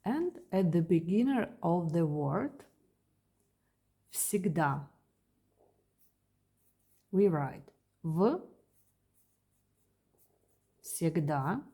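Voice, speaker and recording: A woman with a Russian accent teaching a beginner language lesson, repeating each word slowly and carefully. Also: lowish voice, big pitch swings, mellow, husky.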